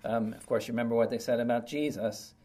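A man's voice: mid-range voice, steady tone, fast, dark tone. Chatty man teaching a Bible lesson. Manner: conversational, checks in often with "right?" and "okay?"; plainspoken, explains verses with everyday examples. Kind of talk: informal Bible study lesson.

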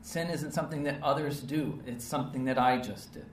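A male preacher delivers an earnest, emphatic sermon and keeps checking in with short rhetorical questions. His voice sits at an ordinary pitch for a man. He is heard from some distance in a reverberant space with faint background ambience. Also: fairly quick, slight background noise. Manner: earnest, emphatic, with frequent rhetorical "right?" and "okay?" tags.

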